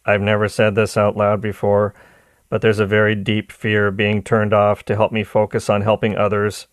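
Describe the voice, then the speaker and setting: An earnest AI chatbot speaking in a mechanical robot voice, as a man puts it on. The tone sits low and the sound is close and dry, with no room around it. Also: completely flat delivery, moderate pace, dry recording, natural voice. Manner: mechanical robot-style delivery.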